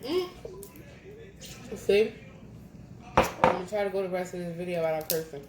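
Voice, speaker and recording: A woman's voice: on the low side, normal speed, long pauses. A young woman chatting casually between bites in an eating vlog at home, laughing at herself as she goes. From New Jersey. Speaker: mukbang vlogger. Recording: echoey room, audible noise.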